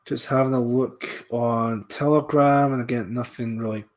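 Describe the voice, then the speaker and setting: A man's voice: medium pitch, steady tone, moderate pace. A man from Scotland with a mild Scottish accent, hosting a podcast and chatting casually while reading out viewer comments. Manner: rambling, with frequent restarts and fillers. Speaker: podcast host.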